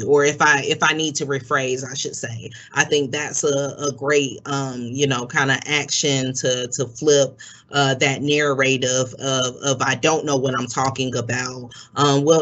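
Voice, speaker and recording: A man's voice: medium pitch, bright, forceful tone. A man from Florida hosting a webinar over a video call, talking reflectively with many fillers and restarts. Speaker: webinar host. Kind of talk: webinar moderation.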